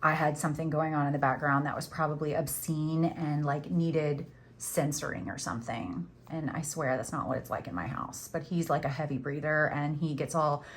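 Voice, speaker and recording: A woman's voice: deep voice, fairly even intonation, moderate pace, a little hiss or hum. A middle-aged woman hosting a crochet tutorial, chatting casually and teasing herself while she works. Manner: chatty, self-teasing, says "y'all".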